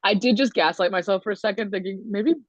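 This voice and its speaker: Man, player, high voice, teasing, muffled dry recording. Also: fast talker, no echo. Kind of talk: casual chat.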